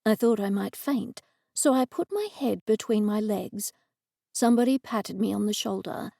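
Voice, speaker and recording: An Australian woman narrating a cozy mystery audiobook in the first person, measured and expressive. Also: fairly high pitch, no echo, studio quality.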